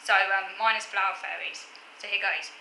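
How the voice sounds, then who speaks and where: A woman with a bright, clear voice talks casually about poetry and reads her own verse. She hesitates often, with ums and restarts. The recording sounds roomy, with a faint hiss underneath. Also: mid-range voice, steady tone, brisk. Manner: hesitant, many fillers and restarts, self-deprecating. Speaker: poetry channel host. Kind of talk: casual talk and poetry reading.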